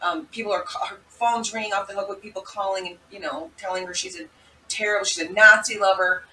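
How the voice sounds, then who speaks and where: Woman, vlog host, casual commentary, bright voice, echoey room, faint background noise. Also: medium pitch, fast. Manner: chatty, animated storytelling. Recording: echoey room, mic at a distance.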